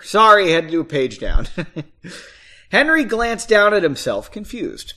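A man's voice: a little high, expressive, unhurried, fairly bright tone. A man reading his own book aloud in a casual way, breaking off for chatty, self-mocking asides and casual swearing.

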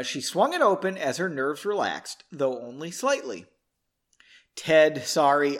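A man's voice: on the high side, fairly bright tone. A man hosting a podcast, casually reading a story aloud and breaking off for joking, self-deprecating asides.

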